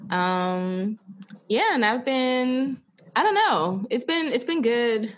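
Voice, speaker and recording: A woman's voice: a little high, animated, slow pace, a little hiss or hum. A woman from Georgia, co-hosting a podcast in a laid-back way and laughing easily. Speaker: podcast co-host. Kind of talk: casual chat.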